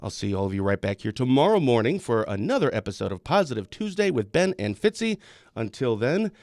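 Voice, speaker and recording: A man's voice: medium pitch, sing-song, brisk, darkish tone, no room sound. Brief: young male host from the midwest, joky, rambling questions, dry close sound. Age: young adult. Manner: joking, rambling questions with restarts. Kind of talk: casual live-stream interview.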